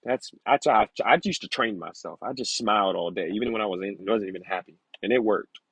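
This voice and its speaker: A man reading aloud slowly, sounding out hard words, then talking candidly and casually about his past. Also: fairly low pitch, gravelly, fairly bright tone, breathy edge, no echo, poor audio. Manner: slow halting sounding-out of words, then candid rambling asides. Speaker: vlogger learning to read.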